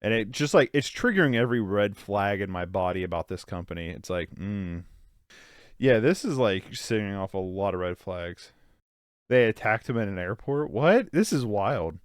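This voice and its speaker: A young man from Ohio talks through a documentary as it plays, full of "like" and quick laughs. His voice sits fairly low and sounds smooth and clean. The room is dry, with no echo around him. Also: expressive. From Ohio, United States. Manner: incredulous, swearing, frequent "like", quick laughs. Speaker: movie reaction host. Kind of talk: casual watch-along commentary.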